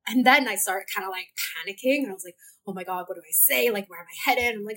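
A young woman from Hong Kong, a podcast guest telling a story in a lively, casual way and laughing often. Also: medium pitch, rapid-fire. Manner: animated, laughs often, acts out her own thoughts.

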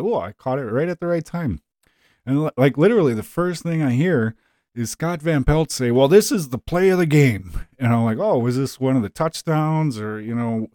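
A man's voice: medium pitch, a little mellow, no echo, studio quality. A man hosting a podcast, rambling and exasperated as he rants in a casual monologue, with plenty of fillers. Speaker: podcast host.

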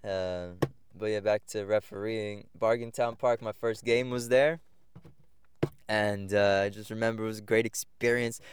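With a low, steady voice at normal speed and a faint hiss or hum in the recording, this young American podcast host tells casual stories from his life. His delivery rambles and reflects, full of fillers and restarts.

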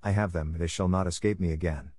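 A man's voice: low-pitched, fairly even intonation, fast talker, darkish tone, no echo, studio quality, voice pushed down. A man reading the lines of a cruel, greedy old witch in a mocking, commanding way.

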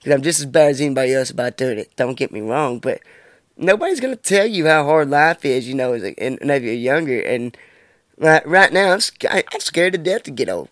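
A twentysomething podcast host rants solo about his life, blunt and swearing constantly. His medium-pitched voice is expressive and fairly bright, moving a little fast. The recording is dry, with clean studio sound.

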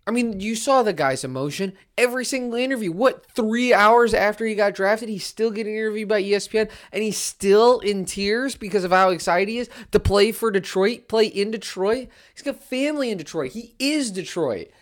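A woman hosting a solo sports podcast, talking in an excitable, emphatic rant that keeps repeating its key phrases. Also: medium pitch, normal speed, hardly any pauses.

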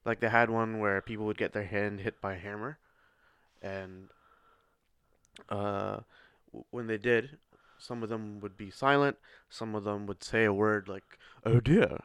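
A man's voice: on the low side, fairly even intonation, measured pace, fairly bright tone, clean tone, no echo, clean studio sound. A man co-hosting a casual podcast chat with his son, teasing him and laughing often. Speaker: podcast co-host.

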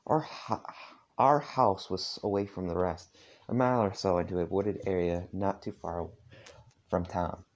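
A tired man casually reading a story aloud at home, halting often with asides. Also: low-pitched. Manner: halting, with frequent asides and filler. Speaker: fanfiction reader. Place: dark room at home.

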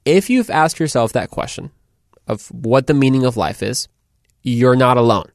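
A man hosts his own podcast in loose, animated chat, circling back and restarting his sentences. His voice sits at a middling pitch, and the sound is dry and close. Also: moderate pace, gravelly, no echo. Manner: chatty, animated, rambling with restarts. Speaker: podcast host. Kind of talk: casual podcast talk.

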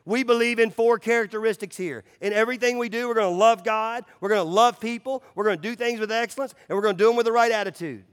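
A pastor with a high-pitched voice preaches to his church, casual and conversational, dropping into near-hushed lows and then surging back loud and emphatic. His voice rings out with a long reverb tail, as in a big sanctuary. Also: fast talker, few pauses, clear, resonant tone. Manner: swings between loud emphatic runs and hushed low drops. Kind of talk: sermon.

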